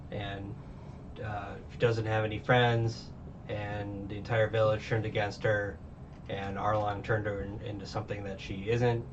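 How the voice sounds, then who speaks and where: Rambling young male reviewer, off-mic. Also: on the low side. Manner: rambling with many fillers and restarts. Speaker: anime reviewer. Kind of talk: casual recap chat. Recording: dull distant mic, faint hiss.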